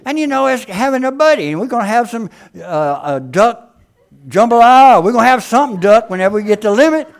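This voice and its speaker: A man preaching a folksy, fervent sermon that swings from quiet asides to loud exclamations. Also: very high voice, expressive, fairly quick.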